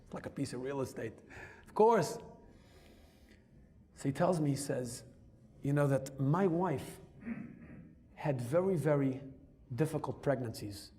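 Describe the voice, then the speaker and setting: A man telling a personal story as a rabbi, lively and emphatic, dropping Hebrew and Yiddish terms into his English. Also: medium pitch, unhurried, long pauses. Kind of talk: storytelling talk.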